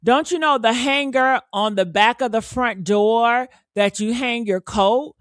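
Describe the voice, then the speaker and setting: A woman hosting a live true crime reaction chat, talking in an emphatic, animated way and swearing freely. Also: on the high side, measured pace, dry recording, studio quality. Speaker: host.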